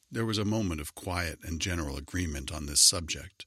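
Low, husky male storyteller. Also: brisk, hardly any pauses, no echo, clean studio sound. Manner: expressive, wry. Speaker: narrator. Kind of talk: storybook narration.

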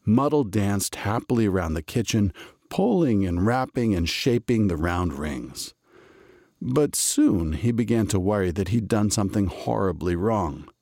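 Low-voiced man reading a lively storybook. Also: measured pace, no room sound, studio quality. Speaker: narrator.

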